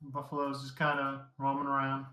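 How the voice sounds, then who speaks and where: A man's voice: medium pitch, completely flat delivery, moderate pace, sharp tone, echoey room, poor audio. A man narrating as game master in a tabletop game, talking casually and loosely.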